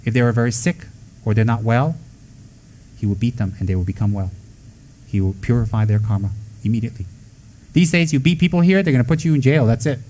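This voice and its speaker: A man giving a Buddhist dharma talk to students, blunt and scolding, with joking asides and quick acted-out quotes. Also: mid-range voice, warm tone, low-quality recording. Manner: acts out quoted voices. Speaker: Buddhist teacher.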